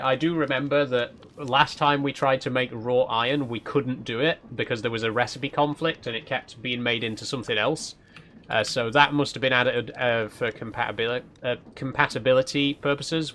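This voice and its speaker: A man's voice: medium pitch, sharp tone, slight background noise. A man with a mild Yorkshire accent, chatting and thinking aloud as he plays on a live stream. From South Yorkshire, England. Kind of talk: casual live-stream commentary while playing.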